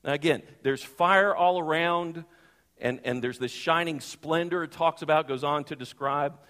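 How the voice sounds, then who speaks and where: A man's voice: fairly high pitch, moderate pace, a bit bright. A man preaching a sermon in a conversational, emphatic way, asking the congregation questions. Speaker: pastor. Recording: long reverb of a large hall.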